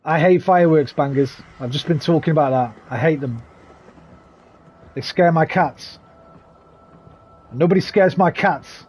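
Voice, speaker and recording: A man's voice: on the high side, measured pace, long pauses, darkish tone, breathy edge. A man streaming a video game, chatting casually with viewers, greeting them by name and swearing freely. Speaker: gaming streamer. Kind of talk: casual live-stream chat while playing.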